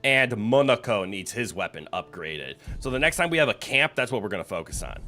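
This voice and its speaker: A man's voice: lowish voice, very animated, brisk, few pauses, sharp tone, soft background music. A man streaming a video game, chatting casually, reading game text aloud and reacting with playful exclamations. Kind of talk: casual gameplay commentary.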